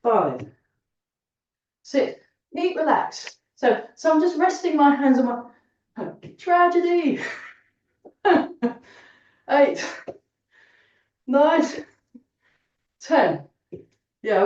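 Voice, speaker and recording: Breathless woman exercise teacher, cheerful and chatty, fairly high voice, recorded far off in an echoey room. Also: darkish tone. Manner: cheerful, chatty, counts aloud. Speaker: fitness and tai chi instructor. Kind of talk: counting through an exercise class. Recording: roomy echo, distant mic, dull sound.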